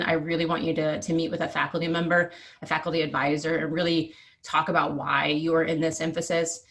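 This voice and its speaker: A woman's voice: sits low, fairly bright tone. A woman, presenting degree options in a virtual information session over a video call, explanatory with frequent ums. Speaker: university presenter.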